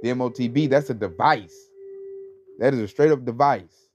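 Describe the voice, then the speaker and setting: A mid-range male voice at normal speed gives a conversational, meandering religious talk full of fillers and scorn-laden emphasis. The background is noisy, and the dull lo-fi recording includes faint music.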